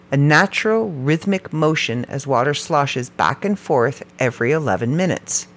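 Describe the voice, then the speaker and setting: A podcast host narrates a script of facts. The host often breaks off into joking side comments. The delivery is lively, and the pitch leaps high and drops low. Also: normal speed, few pauses. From Canada. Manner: reads facts, then breaks off into playful, joking asides; animated, with sudden jumps up and down in pitch. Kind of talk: podcast narration read from notes.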